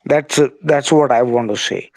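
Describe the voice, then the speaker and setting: A man with a sore, hoarse throat, speaking hesitantly with many fillers and apologies in a casual discussion. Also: medium pitch, normal speed, a little mellow, no room sound.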